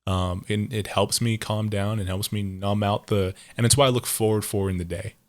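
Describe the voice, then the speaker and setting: A man with a fairly low voice chats loosely on a podcast. He rambles, circles back to the same points, and laughs easily, dropping the odd swear word. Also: fairly even intonation, moderate pace. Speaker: podcast co-host. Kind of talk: casual chat.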